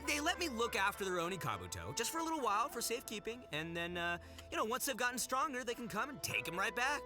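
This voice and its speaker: An actor playing a smooth-talking, chummy male hustler in a video game. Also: extremely high pitch, huge pitch swings, heavily acted. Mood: defensive. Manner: slick, chummy, fast-talking. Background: game music.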